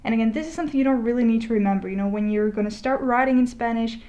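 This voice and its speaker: A woman teaching a Spanish lesson as a voice-over, talking in a relaxed, conversational way with fillers and restarts, slowing down to spell out example words. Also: a little high. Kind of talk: explaining a lesson over a digital whiteboard. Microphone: voice-over recording.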